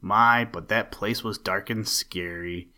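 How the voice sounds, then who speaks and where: A man hosting his own podcast and reading a children's story aloud in a gentle, expressive manner. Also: lowish voice, takes it slowly.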